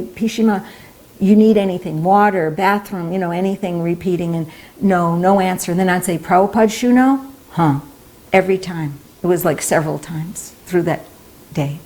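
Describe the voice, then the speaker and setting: Woman devotee speaker, lower-pitched, earnest storyteller who voices her quotes. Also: darkish tone. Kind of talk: personal storytelling talk. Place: temple talk.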